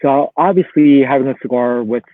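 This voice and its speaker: A man's voice: mid-range voice, brisk, no echo. Man from Philly on a tinny call line. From Philadelphia. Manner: relaxed, chatty, laughs often. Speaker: guest. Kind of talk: casual chat. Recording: tinny phone-like line, dry.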